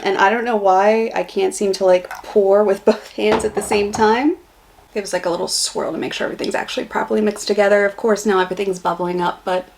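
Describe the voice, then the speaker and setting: A woman's voice: mid-range voice, vocal fry. A young American woman vlogging a casual beer taste test, chatty and blunt in her reactions. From United States.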